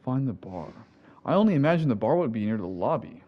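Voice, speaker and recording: This gameplay commentator is a man from the United States with a mid-range, sing-song voice and a brisk pace. On a muffled recording, he rambles through profane let's-play talk and keeps fixing what he just said.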